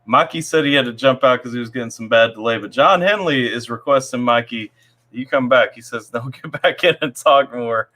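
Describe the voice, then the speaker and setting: A man's voice: mid-range voice, a little fast, pushed and bright. A man hosting a casual live stream, reading viewer comments aloud in a laid-back way. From Tennessee. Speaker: livestream host.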